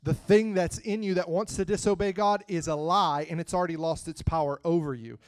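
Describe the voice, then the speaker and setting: High-voiced preacher, quiet to loud. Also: male voice, brisk, no echo, clean studio sound. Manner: calls out to the congregation. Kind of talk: sermon.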